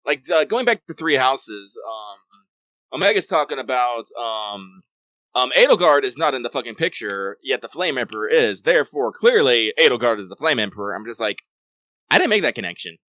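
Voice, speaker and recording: A man's voice: mid-range voice, very animated, normal speed, sharp tone, no echo. A man co-hosting a podcast, chatting casually and rambling about games with lots of fillers and swearing, on a desk microphone. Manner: rambling, profane, many fillers. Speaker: podcast co-host. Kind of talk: casual gaming chat.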